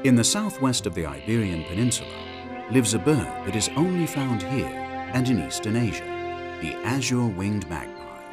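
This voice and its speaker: A man narrating a wildlife documentary in a measured, informative scripted delivery. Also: lowish voice, very animated, over music.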